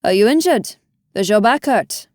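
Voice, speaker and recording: A woman's voice: mid-range voice, animated, moderate pace, no room sound, studio quality, lightly acted. Woman doing a cheerful, sing-songy man. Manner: warm, sing-songy and gentle. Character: cheerful friendly man rescuer with a faint lilt.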